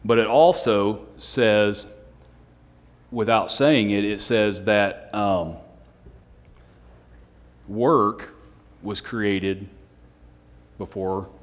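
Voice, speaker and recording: A man preaching a Sunday night sermon, speaking in a self-described monotone with joking asides to the congregation. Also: on the low side, very slow, pauses often. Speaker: pastor. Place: church hall on a Sunday night. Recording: long hall reverb.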